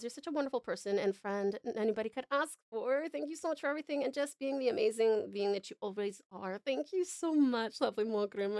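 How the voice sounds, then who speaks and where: A woman's voice: high-pitched, darkish tone, no room sound, clean studio sound. An Australian woman from Tasmania chatting with viewers on a live stream, gushing with thanks and swearing casually.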